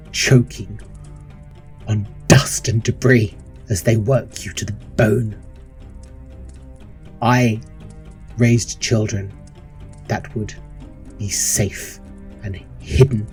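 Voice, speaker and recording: A man's voice: on the low side, a little mellow. A man voicing a stern, strict orphanage matron in a tabletop game, talking in a harsh, lecturing way over faint music. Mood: forceful. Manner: harsh, lecturing, pleading when trapped.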